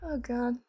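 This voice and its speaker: A woman's voice: high voice, dry recording, highs cut off. A young woman chatting casually with her viewers while streaming art from home. She rambles, pokes fun at herself and laughs often. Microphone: streaming microphone.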